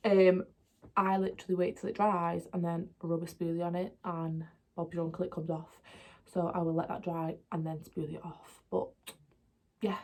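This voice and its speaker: A young woman chatting casually and rambling while doing her makeup, pausing as she works. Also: lowish voice, a little mellow, husky. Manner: chatty, rambling, laughs often; talks while applying makeup, often pauses. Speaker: beauty vlogger.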